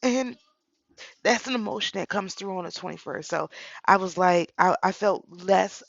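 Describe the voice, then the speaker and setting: A woman's voice: fairly low pitch, moderate pace, creaky, no echo, lo-fi sound. A middle-aged woman talking casually about spiritual practice, telling a personal story with repeated phrases. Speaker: spiritual channel host.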